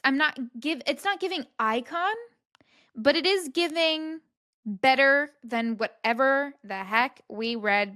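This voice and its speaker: A woman's voice: high voice, bright, forceful tone, no room sound, clean studio sound. A young woman hosting a podcast, chatting casually and reacting with disbelief, often cutting herself off mid-sentence. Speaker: podcast host. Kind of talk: casual commentary.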